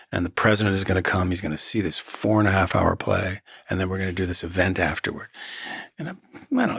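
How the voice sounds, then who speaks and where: A man with a gravelly, husky voice talks slowly through his thoughts as an interview guest, circling back and restarting phrases before he lands on a point. The sound is close and dry, with no room around it. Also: low voice, no room sound. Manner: measured, storytelling, restarts phrases. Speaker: actor and guest. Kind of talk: reflective interview talk.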